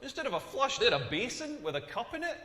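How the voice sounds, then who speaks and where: A man's voice: extremely high pitch, big pitch swings, fast, sharp tone, roomy sound, big-room sound, full character voice. An actor with a Scottish accent playing a crude, rambling male stand-up comedian in a game video. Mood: deadpan crude. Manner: crude, rambling, self-deprecating.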